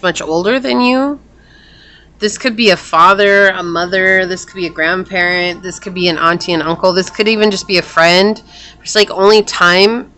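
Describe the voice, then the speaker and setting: A woman's voice: fairly low pitch, pushed and bright. A woman giving a casual tarot reading to her viewers, chatty and full of fillers and restarts. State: hiccups. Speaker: tarot reader.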